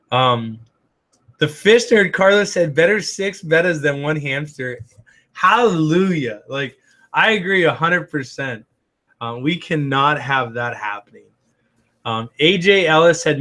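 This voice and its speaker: A man with a raspy voice, hosting a casual livestream. He rambles with lots of "um" and "like" as he reads viewer comments aloud and answers them. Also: medium pitch, sharp tone. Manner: rambling, heavy on "um" and "like". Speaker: livestream host.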